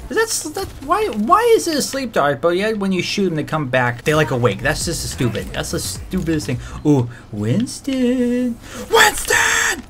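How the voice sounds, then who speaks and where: A man giving excitable let's-play commentary, trash-talking and breaking into shouted outbursts. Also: fairly high pitch, a little fast, few pauses. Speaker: gamer and video creator.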